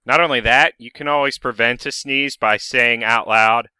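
A man co-hosting a casual comedic chat, tossing in dry deadpan quips. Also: medium pitch, moderate pace, clean tone, no room sound. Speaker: podcast co-host.

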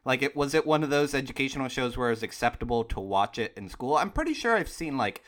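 A man's voice: medium pitch, animated, quick pace, fairly bright tone. A man hosting a comedy podcast, rambling and correcting himself as he chats with co-hosts. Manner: rambling, self-correcting, wry. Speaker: host. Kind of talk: casual comedic podcast banter.

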